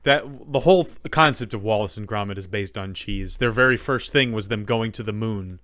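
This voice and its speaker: A man's voice: fairly low pitch, brisk, fairly bright tone, no room sound. A man co-hosting a podcast in casual chat, joking and rambling with plenty of fillers and restarts. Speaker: podcast co-host.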